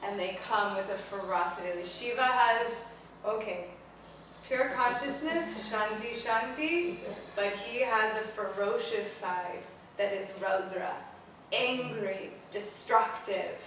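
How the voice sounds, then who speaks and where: A woman teacher retells an old myth in a casual, animated lecture, often leaning on "like". Her voice sits far from the mic and rings through a strongly echoing space, with faint ambience beneath it. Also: medium pitch, takes it slowly, slight background noise. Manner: casual, animated, many "like" fillers. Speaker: spiritual teacher, pilgrimage leader. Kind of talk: storytelling lecture. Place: outdoors beside a temple. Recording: echoey space, voice from a distance.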